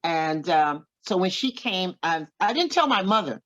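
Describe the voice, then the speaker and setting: A woman in her seventies from Oklahoma, a singer and interview guest, telling a story in an animated way and acting out other people's lines. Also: lowish voice, a little fast, hardly any pauses, poor audio. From Oklahoma, USA.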